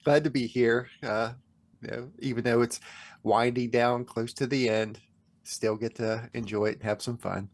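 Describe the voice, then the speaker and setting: A man who regularly joins a podcast, chatting in a relaxed, easygoing way. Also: mid-range voice, moderate pace, dry recording. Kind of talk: casual chat.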